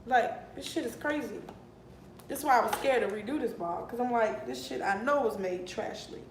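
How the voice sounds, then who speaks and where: A young woman in her twenties tells a wild storytime to her camera, getting animated and outraged and swearing freely. Her voice bounces around a roomy, echoey space with a faint hiss underneath. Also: fairly high pitch, moderate pace. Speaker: vlogger. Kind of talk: casual storytime. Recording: echoey room with faint noise.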